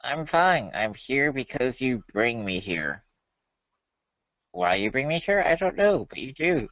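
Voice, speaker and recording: A man's voice: medium pitch, very animated, a little slow, fairly bright tone, dry recording, lo-fi sound. A man appearing as a podcast guest in casual chat, wry and hesitant, repeating himself as he puts himself down. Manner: wry, hesitant, self-deprecating.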